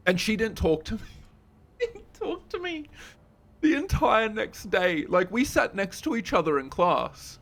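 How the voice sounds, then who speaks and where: A man's voice: high voice, very animated, unhurried, gravelly, a bit bright. A young man streaming a game, casually telling a story in a laid-back way, swearing and laughing as he goes.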